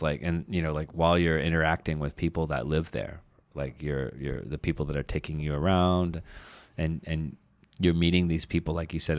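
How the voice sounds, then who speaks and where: A man with a very low voice talks through a casual podcast conversation. He rambles candidly, piles up fillers and swears freely. The sound is dry and close to the mic. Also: no echo. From lives in Shanghai, China. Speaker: podcast co-host. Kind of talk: casual chat.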